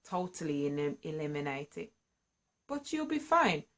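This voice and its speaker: A woman telling her own story to camera, candid and earnest, and lively when excited. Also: deep voice, moderate pace. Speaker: singer sharing a personal story. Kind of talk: candid personal vlog storytelling.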